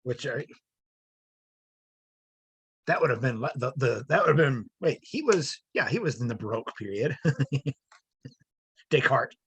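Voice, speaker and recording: A man's voice: mid-range voice, lively intonation, unhurried, long pauses, a bit bright, slightly rough. A man college instructor chatting casually with a co-teacher, laughing often and groping for words.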